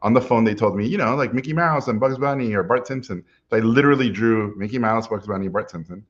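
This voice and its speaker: A middle-aged man telling a personal story in a lively way, acting out what people said to him, with frequent "uh"s. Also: lowish voice, quick pace, highs cut off. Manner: lively anecdotal, acts out quotes, frequent "uh". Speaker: animation guest speaker.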